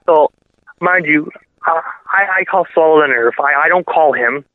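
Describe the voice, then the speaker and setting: A man, a radio DJ, telling a story in a casual interview, excitable and rambling, often restarting his sentences. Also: fairly high pitch, moderate pace, no echo. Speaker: radio DJ and podcast guest. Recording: dry phone-like audio.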